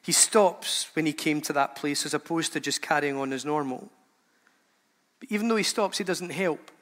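A man's voice: a little high, moderate pace, a bit bright. A man preaching a sermon as a pastor, emphatic and repeating phrases for effect. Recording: long hall reverb.

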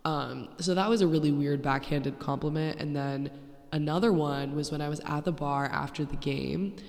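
Low and a touch mellow, this woman in her twenties talks at a normal pace while hosting her podcast. Her stories come out blunt, sarcastic and profane in a casual monologue, captured echoey on a badly positioned handheld mic.

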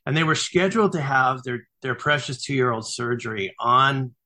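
A middle-aged man, an author guest on an interview, telling stories earnestly with halting restarts. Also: mid-range voice, expressive, pushed and bright. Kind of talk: conversational storytelling interview.

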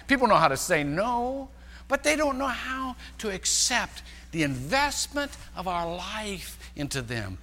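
A male pastor preaching a sermon, telling stories and shifting between loud emphasis and hushed, quiet passages. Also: sits high, big pitch swings, measured pace, big-room sound. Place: large church sanctuary.

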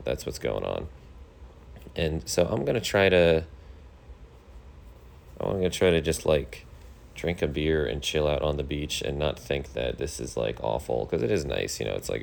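A thirty-year-old man hosting his own podcast, rambling through a casual monologue in a deadpan, complaining way, with lots of fillers. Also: very deep voice, vocal fry, slight background noise. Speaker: podcast host.

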